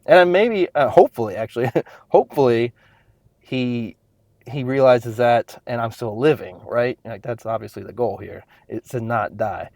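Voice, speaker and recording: A man's voice: mid-range voice, normal speed, darkish tone, dry recording, clean studio sound. A man in his thirties, a fitness trainer, talking intensely and bluntly to a podcast mic, swearing freely. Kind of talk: casual solo podcast monologue.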